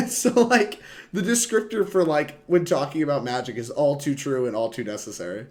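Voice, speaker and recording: A man's voice: on the high side, normal speed. A young man streaming a card game, chatting and rambling to his chat in a casual, laughing way. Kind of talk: casual gameplay commentary to chat.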